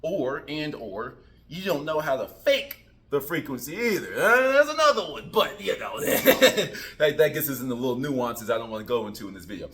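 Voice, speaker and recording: A man talking casually to camera about spiritual growth, goofy and joking. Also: medium pitch. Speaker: vlogger. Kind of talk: casual motivational talk.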